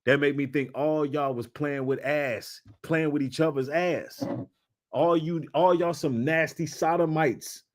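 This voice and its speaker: A man commentating on video clips in a casual, mocking way, swinging between low mutters and loud outbursts. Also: fairly even intonation, measured pace.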